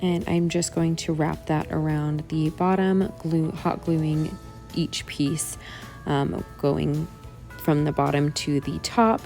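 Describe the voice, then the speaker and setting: Low, gravelly woman explaining crafts. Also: fairly even intonation, takes it slowly, darkish tone, soft background music. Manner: easygoing, step-by-step explaining. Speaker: craft tutorial creator. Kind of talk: relaxed craft tutorial voice-over.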